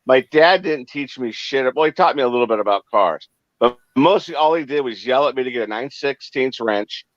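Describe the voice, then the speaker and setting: A man hosting a casual chat stream, telling stories in a laid-back, drawn-out way. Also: medium pitch, fairly bright tone, no echo, highs cut off. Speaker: stream host.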